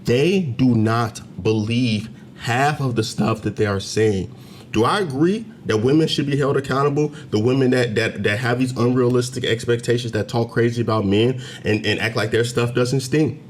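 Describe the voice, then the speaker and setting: A man talking straight to the camera in a commentary video, emphatic and preachy, climbing to loud, heated peaks as he argues. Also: mid-range voice, normal speed, a little hiss or hum. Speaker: commentary channel host. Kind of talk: direct-to-camera commentary rant. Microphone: camera mic, facing camera.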